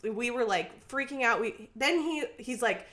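A woman's voice: a little high, measured pace. A young woman from Minnesota, co-hosting a podcast, tells a long story in casual chat, acting out everyone's lines and saying "like" constantly. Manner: animated, acts out quotes, says "like" constantly. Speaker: podcast co-host.

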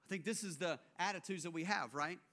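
A male pastor preaching a sermon, animated and acting out biblical figures, then dropping into quiet intensity. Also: high voice, fast talker.

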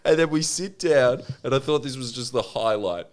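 A man's voice: medium pitch, normal speed. A man, co-hosting a podcast and telling a long story in a rambling, self-mocking way. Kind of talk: casual storytelling chat.

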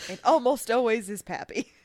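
A woman co-hosting a casual podcast, telling stories animatedly and loudly quoting people. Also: a little high, normal speed. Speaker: podcast co-host. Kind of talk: casual chat.

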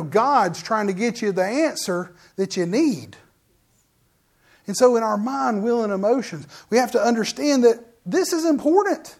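A man delivering a relaxed, conversational sermon. He preaches in a folksy, animated way, often turning to the listeners with direct questions and asides. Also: extremely high pitch, normal speed.

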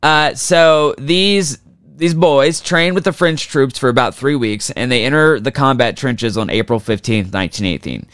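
A man's voice: medium pitch, normal speed, a bit bright, smooth, no echo, clean studio sound. A man co-hosting a casual history podcast, profane and jokey, slipping into mocking voices as he tells the story. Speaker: podcast co-host.

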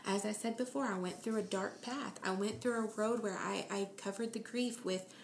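A woman's voice: medium pitch, steady tone, normal speed, vocal fry, echoey room, slight background noise. A woman in her thirties sharing a personal faith testimony in earnest, emotional storytelling, acting out the quoted voices of others.

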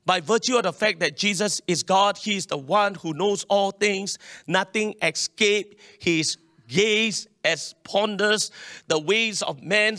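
A man preaches to his congregation in a high, bright voice. He swings between loud declarations and quiet asides. The sound is close and dry. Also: no room sound. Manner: animated preaching, calls to the congregation. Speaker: pastor. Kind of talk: sermon.

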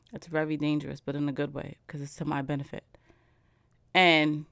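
Low-voiced woman hosting a slangy podcast. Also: no echo, clean studio sound. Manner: animated, slangy, emphatic with frequent "okay?". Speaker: podcast host. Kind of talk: casual solo podcast monologue.

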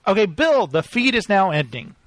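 A man in his thirties co-hosting a casual chat about new movie releases, animated and joking, often laughing. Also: high-pitched, moderate pace, slight background noise. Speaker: podcast co-host.

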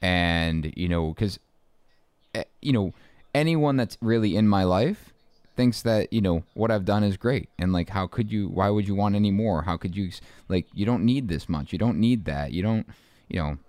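A man with a very low, smooth and resonant voice and only a faint trace of a Boston accent, talking as an interview guest. He rambles through his thoughts with many restarts and asides. The sound is close and dry. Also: normal speed, a little mellow, no echo. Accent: faint Boston, mostly smoothed out. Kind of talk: casual interview talk.

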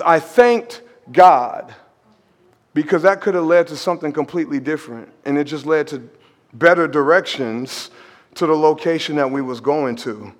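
High-voiced man preaching in a reverberant church hall. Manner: animated, conversational preaching, drops to hushed emphasis. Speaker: pastor. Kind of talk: storytelling sermon. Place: church sanctuary.

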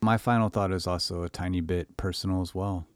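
A man's voice: sits low, fairly even intonation, fairly quick, clean tone, no room sound, studio quality. A man co-hosting a podcast, telling stories in a rambling, chatty way with many fillers. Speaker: podcast co-host. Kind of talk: casual chat.

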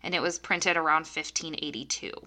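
A woman's voice: low-pitched, steady tone, brisk, bright, forceful tone. A young woman co-hosting a podcast, chatting casually with lots of fillers and laughs. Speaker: podcast co-host. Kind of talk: casual chat.

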